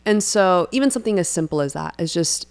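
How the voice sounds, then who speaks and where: A young woman talking casually about her faith on a podcast, lively and storytelling, often acting out what her friends said. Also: lowish voice, fast talker, creaky, smooth. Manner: animated storyteller who acts out friends' lines. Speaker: podcast co-host.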